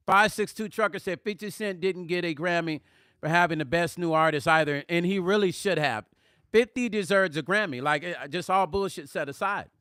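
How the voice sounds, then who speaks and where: A middle-aged man hosting a live music vlog, reading viewer comments aloud in casual chat, animated and emphatic and repeating words for emphasis. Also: a little high, clear, resonant tone, no echo, studio quality. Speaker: music vlogger hosting a livestream.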